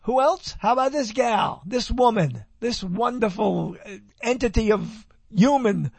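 A male radio host with a high, husky voice talks into a handheld mic. He rambles, breaks off and corrects himself mid-sentence as he reads items aloud. The sound is dry and close. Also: expressive, measured pace, darkish tone, no echo. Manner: rambling, self-correcting, chatty asides. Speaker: radio talk show host. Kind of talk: casual radio talk, reading news items aloud. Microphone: handheld microphone.

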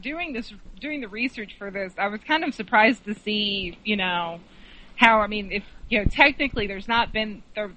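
A woman's voice: medium pitch, pushed and bright, poor audio. A woman in casual conversation, chatty and enthusiastic, talking with plenty of fillers. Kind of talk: casual chat.

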